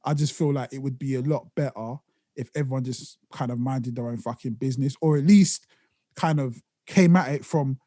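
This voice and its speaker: A man co-hosting a casual podcast, talking in a rambling, sweary, animated way. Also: mid-range voice, moderate pace, dry recording, clean studio sound. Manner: sweary, rambling and animated, with put-on voices for mocking. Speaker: podcast co-host.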